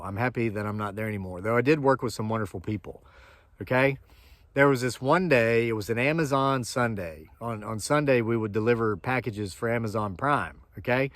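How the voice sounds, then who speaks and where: A man's voice: mid-range voice, no room sound. A man from Appalachia telling a long, rambling story to his viewers in a casual, chatty way, with frequent asides and digressions. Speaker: homesteading channel host.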